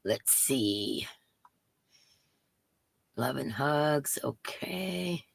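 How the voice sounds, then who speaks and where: A woman hosting a casual crochet livestream, greeting viewers by name and chatting with frequent laughs, her voice rough today. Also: sits low, unhurried, fairly bright tone, no echo. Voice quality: gravelly. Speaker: livestream host. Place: home craft room.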